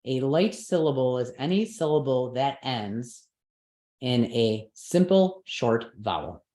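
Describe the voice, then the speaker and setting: This Sanskrit pronunciation teacher gives an explanatory online class from a roomy, echoing space. Her voice is extremely low and dark, slow and expressive. She stays patient, checking understanding with repeated "right?" and "okay".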